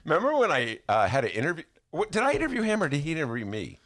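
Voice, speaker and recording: A man's voice: a little high, racing. A man hosting a casual studio podcast, his voice swinging widely up and down as he jokes. He keeps slipping into impressions. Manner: animated, jokey, slips into impressions. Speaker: podcast host. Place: radio studio.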